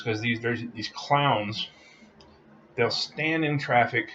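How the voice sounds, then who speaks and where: Guy ranting to camera, heated and repeating himself, mid pitch, kinda muffled audio. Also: a bit bright, a little hiss or hum. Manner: heated, repetitive, emphatic. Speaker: vlogger. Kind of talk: opinion rant to camera.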